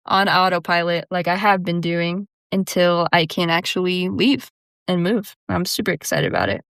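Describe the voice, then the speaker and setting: A young woman hosts her own podcast in a casual solo monologue, chatty and laughing often while constantly saying "dude" and "like." Her lowish voice is animated and a bit bright with vocal fry, at a measured pace. The studio-quality recording has no room sound.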